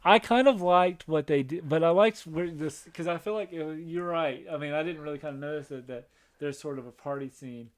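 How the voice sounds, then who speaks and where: A man co-hosting a podcast discusses a film casually, his fairly high voice moving fairly quickly. He wanders off track, uses many fillers and restarts, and voices quoted lines dramatically.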